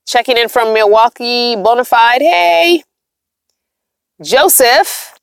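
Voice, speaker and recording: A woman's voice: fairly high pitch, slow pace, clean tone, dry recording. A woman vlogger who lives in a van, chatting casually on a livestream, reading comments aloud and laughing often. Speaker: van-dwelling vlogger reading live chat. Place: inside her van.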